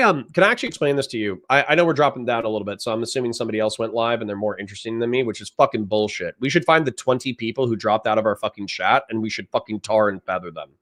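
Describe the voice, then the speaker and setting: A male livestream host with a mid-pitched voice rants and explains in casual, profane commentary. His voice sounds dry and close, with almost no room around it. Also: fairly bright tone, dry recording. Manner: profane, ranting, talks over clips.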